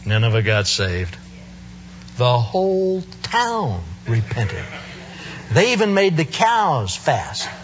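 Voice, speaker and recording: A man's voice: mid-range voice, wildly swooping pitch, slow pace, dull audio, background noise. A male preacher giving a sermon in a church service, telling the story with humor and playful asides.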